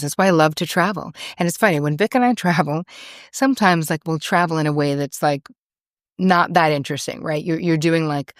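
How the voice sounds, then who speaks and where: A woman's voice: lowish voice, no echo, clean studio sound. A middle-aged American woman hosting a podcast, talking in a chatty, digressive, self-deprecating way. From United States. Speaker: podcast host. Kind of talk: casual monologue.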